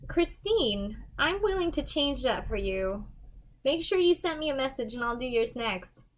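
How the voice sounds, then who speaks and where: High-voiced goofy woman medium. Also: very animated, unhurried. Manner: goofy, rambling, laughs often. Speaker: medium giving livestream readings. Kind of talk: casual livestream chat.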